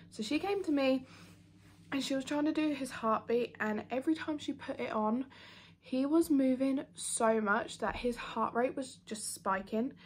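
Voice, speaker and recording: A woman's voice: on the high side, darkish tone, slight background noise. A woman, chatting casually in a vlog update from home and sounding out of breath. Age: 20s. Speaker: vlogger.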